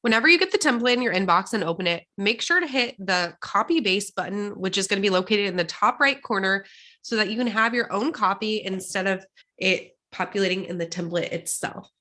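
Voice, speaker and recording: A young adult woman from Texas hosting a solo podcast, upbeat and chatty, talking straight to her listeners, a bit congested with some vocal fry. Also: medium pitch, animated, fairly quick, bright, forceful tone. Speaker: podcast host.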